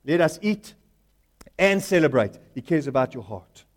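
High-voiced man preaching emphatically. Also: animated, normal speed. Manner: rising to loud emphatic call-and-response; acts out Bible characters in quoted voices. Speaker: pastor. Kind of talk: sermon.

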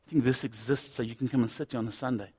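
A middle-aged man preaching a sermon, impassioned, swinging from loud urgency to hushed intensity. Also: medium pitch, fairly even intonation, very fast, slightly rough.

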